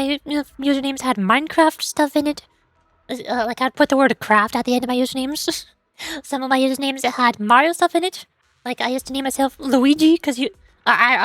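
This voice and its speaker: A woman hosting a livestream, chatting casually in a playful, excitable way and teasing her chat with mock indignation. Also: high voice, no echo. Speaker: livestream host.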